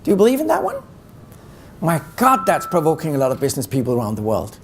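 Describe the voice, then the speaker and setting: A man's voice: a little high, wildly swooping pitch, fast talker, vocal fry, noisy background. A man giving a live talk on negotiation, teasing the audience with rhetorical questions. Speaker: keynote speaker on negotiation.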